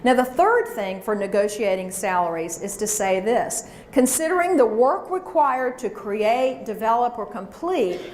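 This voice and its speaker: A fairly high-voiced woman leads a workshop before a live audience. She coaches with energy and gets the room to chant back. The sound is echoey, with a faint hum behind her. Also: animated, unhurried, hardly any pauses, a little mellow. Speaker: speaker leading a workshop.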